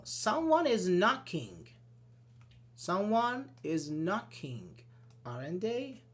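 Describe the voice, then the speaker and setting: A man teaching English grammar online breaks the material into clear steps. He keeps things energetic, offering example after example and staging little mock conversations in which his pitch jumps for each sample sentence.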